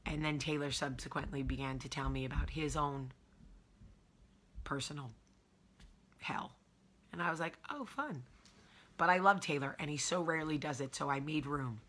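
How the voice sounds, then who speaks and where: A woman's voice: sits low, steady tone, normal speed, pauses often, fairly bright tone. A woman in her thirties with a New Jersey accent, hosting a candid personal vlog in an emotional, confessional way. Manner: emotional, confessional, emphatic repetition. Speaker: show host.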